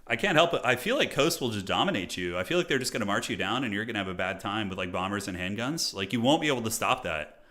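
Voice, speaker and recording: Guy streaming, bright forceful tone, chatty and joking with chat. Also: on the low side, lively intonation, fast talker. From United States. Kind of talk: casual live-stream game commentary.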